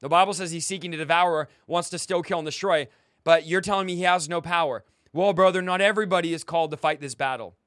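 A man's voice: a little high, fast talker, fairly bright tone, no echo, clean studio sound. A young man preaching a fiery, confrontational sermon, mocking his critics and commanding listeners to fight. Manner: exhorting, commanding.

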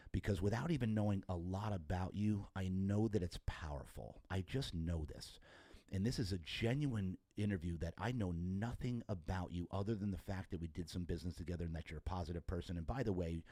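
A very low-voiced man hosts a podcast, talking in a loose, rambling way full of restarts and praise for his guest. The sound is close and dry, with little room around it. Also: fairly quick, mellow, no echo. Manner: rambling, enthusiastic, many restarts; effusive and talkative. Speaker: podcast host. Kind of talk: casual interview.

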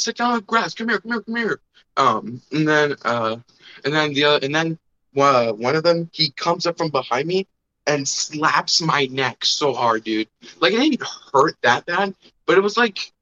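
A man's voice: medium pitch, pushed and bright. A young man casually telling a long story on a podcast, rambling with fillers and acting out the other people's voices. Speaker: podcast host. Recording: dull lo-fi sound.

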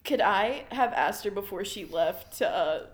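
A woman's voice: mid-range voice, expressive, a little slow. A woman playing a tabletop game, chatting casually and unhurriedly with her group. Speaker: player.

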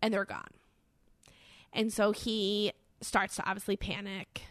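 A woman's voice: mid-range voice, steady tone, unhurried, a bit bright, no room sound. Lady rambling thru a story on a podcast, lots of likes and ums, super dry sound. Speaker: podcast co-host. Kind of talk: casual chat.

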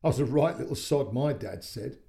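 A man's voice: medium pitch, lively intonation, a little fast, vocal fry, dark tone. A man reading a story aloud, voicing a friendly, easygoing neighbour of about fifty who talks in a chatty, colloquial way.

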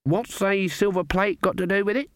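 Man playing a stern old witch woman, curt, suspicious, raised pitch. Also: fairly even intonation, moderate pace, no room sound, studio quality.

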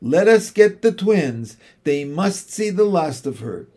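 A man's voice: a little high, sing-song, measured pace, a little mellow, husky, exaggerated voice. A man voicing an earnest young girl, the elder sister, in a storybook reading. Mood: urgent. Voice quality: earnest, urgent. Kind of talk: audiobook character voice.

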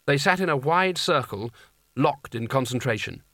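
A man narrating an audiobook in a dry, measured storytelling manner. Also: medium pitch, expressive, sharp tone, dry recording. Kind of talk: scripted narration.

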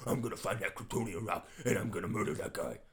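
A man's voice: lowish voice, quick pace, gravelly. A man voicing a stubborn, vengeful hero who answers in curt bursts. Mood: angry.

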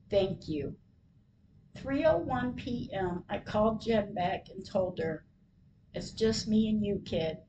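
A woman reads her diary entries aloud for a podcast. Her delivery is plain and measured as she retells each exchange. Her voice sits mid-pitch and mellow, with a faint hiss of noise behind it. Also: rough recording.

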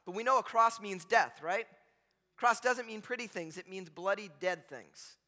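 A man preaching a sermon in a church sanctuary. His voice sits high and sounds bright and forceful. A long reverb rings around him from the big hall as he keeps checking in with the room. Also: normal speed. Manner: conversational and joking, constantly checks in with "right?". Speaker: pastor.

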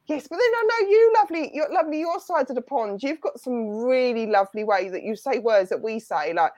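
Guest medium, woman, Essex accent, laughing and chatty, higher voice. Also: animated, brisk, darkish tone, no echo. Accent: London Essex. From England. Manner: chatty, laughing, explains slang. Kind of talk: casual chat on a livestream.

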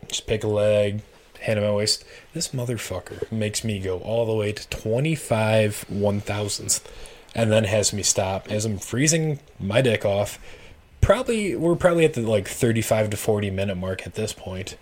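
A man's voice: on the low side, moderate pace. A man telling a long story in casual chat on a podcast, swearing freely and acting out both sides of a traffic stop. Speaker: podcast guest.

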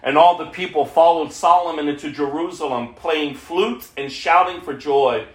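A man's voice: a little high, normal speed. Man reading scripture in an echoey room. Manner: plain unpolished reading with self-corrections. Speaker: reader.

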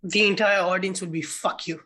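A film podcast co-host with a bright, forward voice, talking casually and swearing freely. They retell scenes by acting out the characters' lines with enthusiasm. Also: medium pitch, fairly even intonation, moderate pace, a little hiss or hum.

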